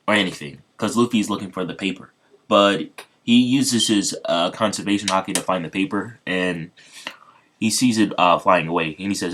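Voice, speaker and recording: A man with a deep, low voice retells a made-up fan story off the cuff. He rambles and halts, restarting phrases and filling gaps with ums. The telling is loose and unscripted. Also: fairly bright tone, slight background noise. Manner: rambling and halting, with fillers and restarts.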